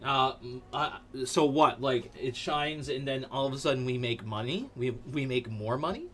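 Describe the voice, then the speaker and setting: A man hosting a live stream in casual chat, loud, excitable and rambling. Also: medium pitch, moderate pace. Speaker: livestream host.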